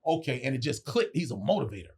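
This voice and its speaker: Animated fast-talking man in his forties. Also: medium pitch, vocal fry, slightly rough. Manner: animated, acts out quotes, swears freely. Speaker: podcast guest, actor. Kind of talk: casual storytelling chat.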